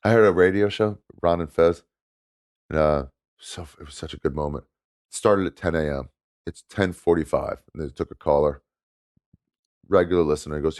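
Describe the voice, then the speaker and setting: American man guesting as a comedian, very deep voice, animated storyteller who laughs a lot. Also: moderate pace, no room sound, studio quality. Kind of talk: casual chat.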